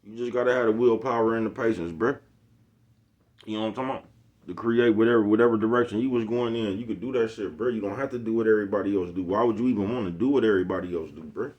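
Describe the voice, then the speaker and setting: A man's voice: fairly low pitch, quick pace, dull audio. A man in his forties, a YouTube host, giving a casual motivational monologue full of streetwise slang and repeated catchphrases. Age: 40s.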